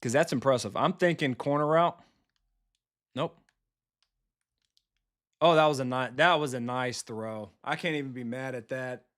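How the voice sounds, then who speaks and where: Male game streamer, mid-pitch, loose and profane, chatting with viewers over live football gameplay. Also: measured pace, pauses often, a bit bright.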